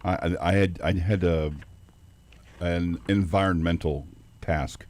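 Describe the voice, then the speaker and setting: A man's voice: sits low, fairly even intonation, takes it slowly, a little mellow. A man co-hosting a sports radio show, chatting casually with a laid-back, rambling way of talking.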